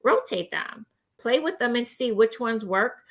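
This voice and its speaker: A woman's voice: a little high, moderate pace. A woman host in a casual chat about mental health who gives practical advice, laughing often and tagging her points with "right?". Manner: animated, laughs often, many "right?" tags. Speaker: gives advice to people with depression.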